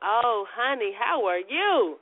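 A woman's voice: fairly high pitch, very animated, takes it slowly, no room sound. A woman hosting a casual radio talk show, bubbly and gushing, dropping call-and-response church phrases. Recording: tinny phone-like radio audio.

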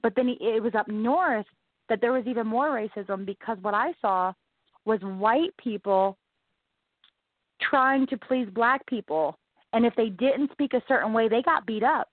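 Her voice a little high and her pace a little slow, a Southern American woman earnestly recounts her own life in an interview, pressing her points and repeating herself often. The sound is dry, as if over a tinny phone line.

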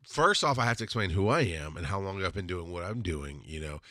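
A man's voice: low-pitched, animated, fairly quick, pushed and bright, no echo, studio quality. A man hosting a podcast, talking casually and giving mentoring advice through personal stories. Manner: chatty and mentoring, tells stories and acts out customers. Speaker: podcast host.

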